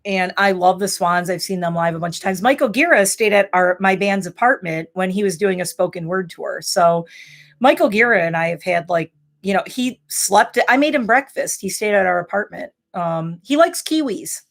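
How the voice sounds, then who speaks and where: A woman in her forties vlogging in a loose, chatty way, her voice at an ordinary middle pitch. She wanders from story to story and breaks into loud, excited exclamations. The tone is candid and unscripted. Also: normal speed, creaky. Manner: rambling, animated, exclamatory storytelling. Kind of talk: casual chat to camera.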